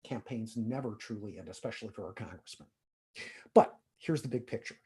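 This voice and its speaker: Middle-aged male presenter, husky, casual and filler-heavy. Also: fairly low pitch, fairly quick, dark tone. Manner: conversational, frequent "uh" and "if you will". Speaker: conference presenter. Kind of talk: technical user-group talk.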